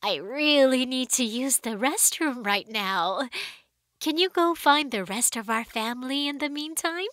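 A gentle, bright mother shark. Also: high-pitched, animated, measured pace, no room sound, studio quality. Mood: relieved.

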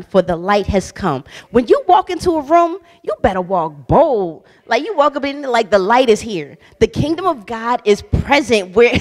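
Bold, slangy woman preaching in a reverberant hall. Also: fairly high pitch. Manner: bold, emphatic, slangy, laughs often. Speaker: guest minister. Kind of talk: casual conversational sermon. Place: church hall. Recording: long church hall reverb.

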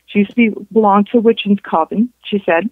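A woman, a guest on a show, recounting a personal story in a halting way, with restarts and reported dialogue. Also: mid-range voice, no room sound. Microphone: telephone. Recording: tinny phone line.

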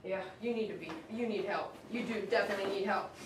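Emotional woman groomer, echoey room. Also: fast talker. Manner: emotional, chatty, talks to dogs in a high coaxing voice. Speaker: dog groomer streaming live. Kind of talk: casual live-stream chat while grooming. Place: grooming shop. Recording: echoey room, mic at a distance, faint noise.

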